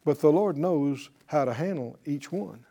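A man's voice: a little high, unhurried, dark tone. A man teaching a Bible lesson in sermon style, emphatic and putting rhetorical questions to his listeners.

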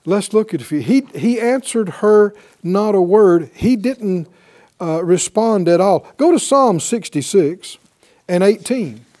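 A man's voice: high-pitched, animated, warm tone. A man teaching a sermon, asking the audience questions and drawing replies from them. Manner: slow, questioning delivery with audience call-and-response. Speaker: Bible teacher.

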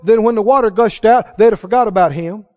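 A man preaching a sermon, dramatic and animated, quoting scripture and building to shouted peaks. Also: high voice, fairly quick, highs cut off.

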